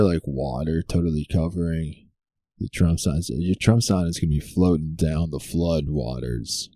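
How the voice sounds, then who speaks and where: A man with a low, dark voice riffs through a sarcastic comedy monologue as the show's host. He leans on rhetorical questions and unhurried timing. The sound is dry and close. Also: dry recording. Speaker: comedy talk show host. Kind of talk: stand-up style topical monologue.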